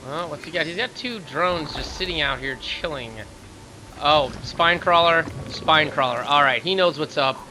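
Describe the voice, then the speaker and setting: A man casting a live video game match, getting loud and fast during fights. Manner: excitable, rising to high-pitched rapid calls in fights. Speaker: esports caster. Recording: faint background noise.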